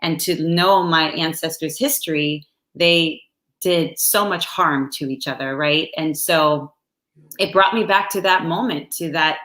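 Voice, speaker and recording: Woman interview guest, unhurried and soft-spoken, bright slightly low voice, echoey room. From United States. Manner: slow, soft-spoken and halting. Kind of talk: reflective personal storytelling.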